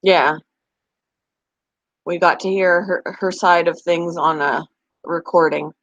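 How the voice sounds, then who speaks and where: A woman's voice: on the low side, fairly even intonation, slow, a bit bright, no room sound, lo-fi sound. Chatty woman pet vlogger, dry sound. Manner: chatty, talks back to viewers' comments. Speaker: pet channel host. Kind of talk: casual live-stream chat.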